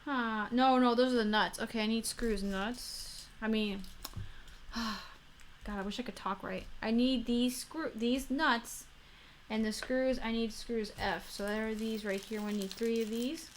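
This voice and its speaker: Young florida woman streaming a model build, rambly, talks to herself and corrects herself, a bit high. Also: fairly even intonation, measured pace, a little hiss or hum. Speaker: livestreamer. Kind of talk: casual livestream chat while building a model kit.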